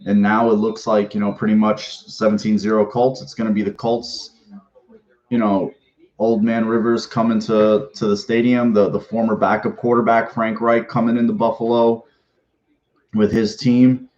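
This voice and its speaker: A man's voice: lowish voice, level tone, normal speed, darkish tone, lo-fi sound. A man hosting a fan sports podcast in a casual, rambling way, swearing freely and restarting his sentences often. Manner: rambling, profane, with many restarts and fillers.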